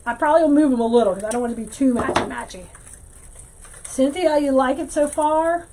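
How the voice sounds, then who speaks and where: Woman, high-pitched, casual livestream host, chatty and giggly. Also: fairly quick, noisy background. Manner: chatty, greets viewers by name, giggly. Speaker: livestream host teaching wreath making. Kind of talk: casual livestream crafting chat.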